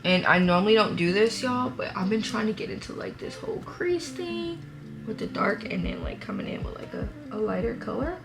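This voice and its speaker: A woman's voice: mid-range voice, lively intonation, a little fast, vocal fry. Chatty woman telling a story over music. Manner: chatty, laughing, dramatic retelling. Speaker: vlogger. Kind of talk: get-ready-with-me story time.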